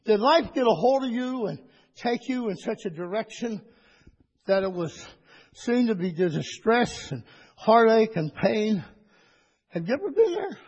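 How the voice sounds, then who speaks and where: A man preaching a sermon to his church, rising into high, excited bursts and calling for amens. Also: measured pace, slightly rough. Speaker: pastor. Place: church sanctuary. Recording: dull lo-fi church recording with long reverb.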